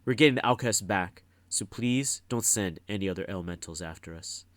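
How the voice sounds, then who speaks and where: A man's voice: fairly low pitch, fairly quick, no room sound, natural voice. A man doing an earnest teenage hero.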